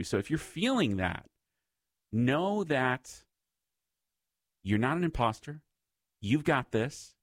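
A male radio host talks straight to his listeners in a faith-based segment, his pitch rising and falling lively as he reflects. The studio sound is dry and close, with no room around his voice. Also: dry recording. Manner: conversational and reflective, speaking to listeners.

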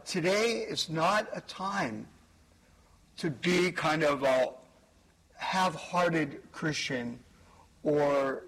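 A man preaching a homily at Mass as the priest, slowly and with careful emphasis. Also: fairly high pitch, a bit bright, slightly rough, low-quality recording. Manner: slow, measured preaching with pauses and emphasis.

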